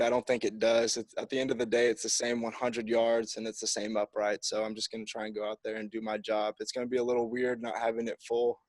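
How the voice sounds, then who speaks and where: A man's voice: medium pitch, darkish tone, no echo. A young man, a college football kicker, answering press conference questions in an upbeat, easygoing way. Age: young adult.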